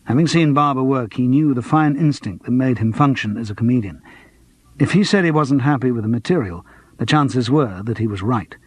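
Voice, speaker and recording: A man reading a mystery audiobook in a measured, wry manner. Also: medium pitch, slightly rough. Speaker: audiobook narrator. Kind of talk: scripted narration. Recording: dry close studio.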